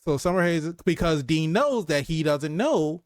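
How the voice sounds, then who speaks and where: A man co-hosting a casual movie review chat, retelling scenes with lively acted-out lines and frequent laughs. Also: on the high side, normal speed, no room sound, clean studio sound. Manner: animated retelling, acts out character lines, laughs often. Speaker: podcast co-host.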